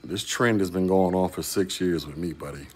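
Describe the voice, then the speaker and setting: Deep-voiced male YouTube host, casual chat, rhetorical and conversational. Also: moderate pace, a little mellow. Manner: conversational, rhetorical questions to a commenter. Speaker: YouTube commentator.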